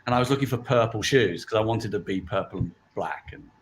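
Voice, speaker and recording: A man's voice: fairly low pitch, a little fast, a little hiss or hum. A middle-aged man, a guest on a chat stream who tells stories with animation and acts out the voices of the people he quotes. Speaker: guest from a toy company. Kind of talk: casual chat.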